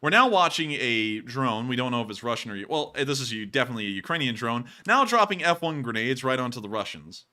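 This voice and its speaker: A man's voice: mid-range voice, very animated, sharp tone. A man hosting a commentary show, talking casually over video clips in a joking, sarcastic way. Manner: joking, sarcastic, quick to laugh. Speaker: host of a war footage commentary show.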